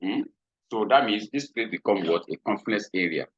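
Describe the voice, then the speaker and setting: Deep-voiced man teaching, checking in with "hmm?". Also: brisk, husky, dry recording. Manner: repetitive, checks in with frequent "hmm?". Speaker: trading instructor. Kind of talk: screen-share trading lesson. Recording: dull lo-fi recording.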